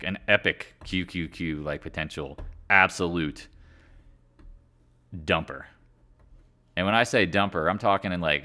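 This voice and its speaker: Man, fairly low voice, casual stock-market live stream host, joking, rambling. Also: pushed and bright. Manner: joking, rambling, laughs at own jokes; sings and mimics other traders in silly voices.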